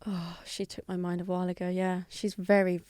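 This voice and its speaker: A woman's voice: on the low side, little pitch movement, fairly quick, a little mellow, no echo, clean studio sound. A British woman chatting as a podcast guest, giggly and teasing. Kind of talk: casual chat.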